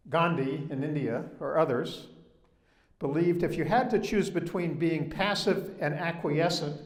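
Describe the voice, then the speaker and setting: An older man from the Southern United States with a Southern American accent, giving a public talk in a storytelling manner and leaning hard on key points. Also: a little high. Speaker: guest speaker. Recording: echoey room.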